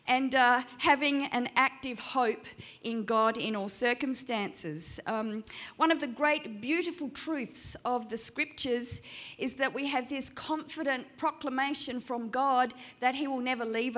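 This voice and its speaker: Aussie lady pastor giving a sermon, pretty high voice, chatty and full of uh's. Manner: warm conversational preaching with frequent fillers.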